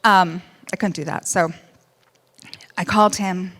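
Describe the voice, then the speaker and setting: A woman giving a personal testimony speech, wry at times, shifting between loud outbursts and hushed, quiet moments. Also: fairly low pitch, fairly even intonation, measured pace. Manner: wry humor amid serious story. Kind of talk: emotional first-person storytelling speech.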